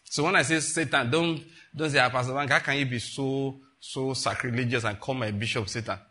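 Pastor guy preaching, chatty, laughs a lot, bright forceful voice. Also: mid-range voice, steady tone, a little fast. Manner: conversational, laughing asides, rhetorical questions. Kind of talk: sermon.

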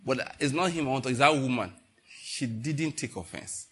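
A man's voice: mid-range voice, moderate pace, husky. A male preacher delivering a sermon, telling stories and acting out quotes with laughter. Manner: animated, storytelling with laughter and acted-out quotes.

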